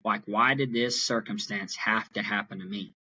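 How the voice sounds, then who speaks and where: Young male guest, bright and forward tone, earnest animated storyteller. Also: on the low side, normal speed, a little hiss or hum. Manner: earnest, animated retelling with acted quotes. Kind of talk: storytelling in an interview.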